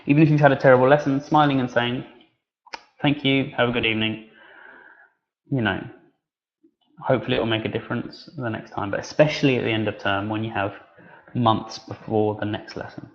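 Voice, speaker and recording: During an online teacher-training session, a man speaks in a relaxed, loose, conversational style, filling pauses and restarting sentences often. His voice is at an ordinary middle pitch, and the webinar audio sounds a little dull.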